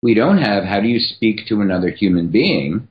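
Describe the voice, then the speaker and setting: A man speaking as a podcast guest and writer, explaining ideas in a measured, teacherly way. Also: on the low side, big pitch swings, dull audio. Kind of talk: explanatory interview talk.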